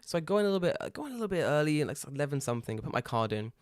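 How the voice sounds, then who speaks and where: A man's voice: fairly high pitch, rapid-fire, dry recording, clean studio sound. A man from England, co-hosting a podcast and telling stories in casual chat, swearing freely and laughing often. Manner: profane, animated storytelling with frequent laughter. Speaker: podcast co-host.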